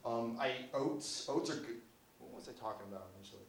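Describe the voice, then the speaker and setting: A fast-talking man with a mid-range voice does open-mic stand-up, wandering from bit to bit, mocking himself and cursing frequently while the audience laughs. The sound is distant and echoey, with faint noise.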